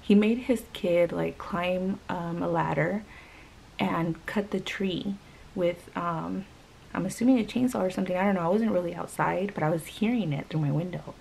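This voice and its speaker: A young woman tells a rambling storytime vlog at home, speaking casually with many filler words. Her voice sits a little low and has a gravelly, fry-laden edge. Faint noise hums under the camera mic. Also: normal speed, darkish tone, rough recording. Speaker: vlogger. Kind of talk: casual storytime while doing makeup.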